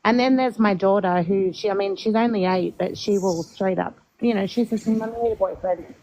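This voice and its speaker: A woman's voice: medium pitch, moderate pace, dark tone, poor audio. A woman on a panel, talking candidly and casually about the people in her life. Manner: candid, laughs at herself. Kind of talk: casual chat.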